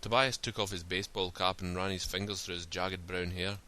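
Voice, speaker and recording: Low-voiced man reading a story. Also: little pitch movement, a little fast, sharp tone. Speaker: narrator.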